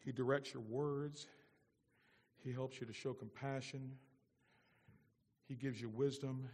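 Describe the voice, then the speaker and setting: A man preaching a sermon as pastor, moving between loud emphatic lines and soft, low-spoken asides. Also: steady tone, a little slow, long reverb tail.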